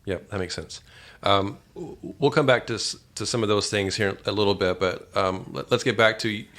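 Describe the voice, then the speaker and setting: A man hosts a podcast and asks his questions in a low voice. He stops and restarts as he feels his way through each question. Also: moderate pace, a bit bright. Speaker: podcast host. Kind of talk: interviewing.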